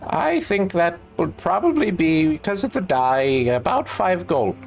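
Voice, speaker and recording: Man voicing a crotchety old tailor, fussy shopkeeper, big swooping pitch. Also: sing-song, a little slow, creaky, exaggerated voice. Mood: polite. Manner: fussy, polite shopkeeper talk. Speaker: game master voicing a shopkeeper.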